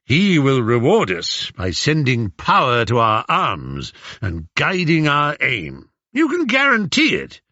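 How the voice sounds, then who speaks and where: A haughty young nobleman who barks orders and swells with indignation, as a man acts him out in an audiobook. The delivery is pompous and full of lively rises and falls. It sits on a dry, slightly dull recording. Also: mid-range voice, takes it slowly, few pauses, dry recording, voice pushed up, exaggerated voice. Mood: boastful. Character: arrogant, blustering young nobleman, leader of suitors.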